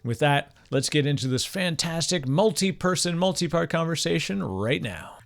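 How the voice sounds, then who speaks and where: A man's voice: on the high side, animated, moderate pace, vocal fry, fairly bright tone. A Canadian man hosting a podcast, chatting enthusiastically and casually, poking fun at himself. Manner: enthusiastic, chatty, self-deprecating. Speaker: podcast host. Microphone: podcast microphone.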